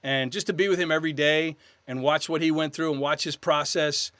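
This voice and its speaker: A man in his fifties from New York, an actor guest telling animated stories in a casual podcast interview. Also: fairly high pitch, brisk, no echo. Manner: animated anecdotes, slips into quoted voices.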